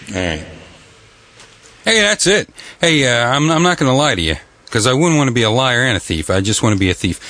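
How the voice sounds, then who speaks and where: Lively wisecracking male show host. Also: no room sound. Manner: wisecracking, jumps into loud high exaggerated voices; halting, many fillers and restarts. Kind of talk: irreverent comic talk show.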